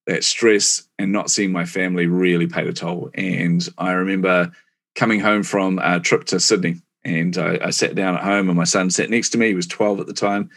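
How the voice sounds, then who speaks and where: Deep-voiced chatty New Zealand man. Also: normal speed, gravelly. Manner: chatty, animated, laughs often. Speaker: guest, marketing executive. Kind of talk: casual storytelling interview.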